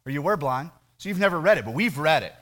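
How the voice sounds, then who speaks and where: Condescending, lecturing religious elders, as a male preacher puts them on, voices raised high and loud, rushing as they scold. The tone is pompous and dismissive. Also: animated. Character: scornful lecturing religious leaders, grown men.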